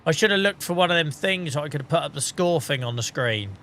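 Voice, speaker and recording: A man's voice: on the high side, animated, fast talker, fairly bright tone, a little hiss or hum. A man chatting casually on a live stream as he plays a farming game, muttering, joking and swearing. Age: adult.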